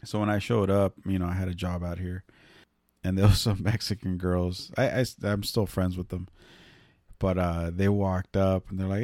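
A man's voice: low-pitched, little pitch movement, normal speed, a little mellow, no room sound, clean studio sound. A man from Northern California telling a casual, rambling story, swearing freely and using many fillers.

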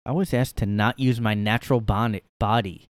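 A man's voice: on the low side, steady tone, normal speed, no echo. Sarcastic rambling man in a dry room. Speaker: podcast host. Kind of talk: casual solo commentary. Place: his room.

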